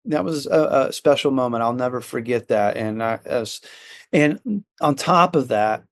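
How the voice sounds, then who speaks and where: A middle-aged man, a musician guest on a podcast, telling stories in an excited, rambling way full of fillers and restarts. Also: mid-range voice, normal speed. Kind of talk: casual storytelling chat.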